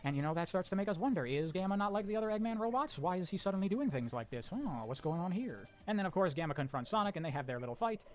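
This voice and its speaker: A man briskly recapping a game's story with blunt, sarcastic commentary and casual swearing. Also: sits high, big pitch swings. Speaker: video essayist narrating a story recap.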